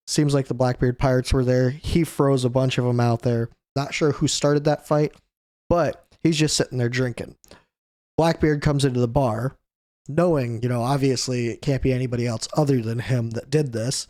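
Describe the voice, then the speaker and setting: A man's voice: mid-range voice, a little mellow, no echo, clean studio sound. A young man hosting a manga chapter review, recapping in a loose, chatty way with fillers and self-corrections. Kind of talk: casual spoken chapter recap.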